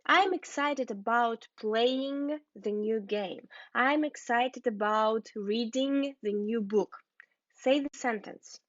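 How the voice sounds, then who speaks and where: Slow, careful woman teaching English. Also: a little high, no room sound, highs cut off. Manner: slow, careful teacher speech, spelling and repeating words. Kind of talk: scripted lesson for learners.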